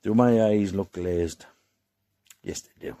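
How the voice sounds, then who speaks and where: Speaking slowly, an Irish man rants at the camera in a furious, profanity-laced outburst. He alternates between hushed, low-voiced threat and outright yelling.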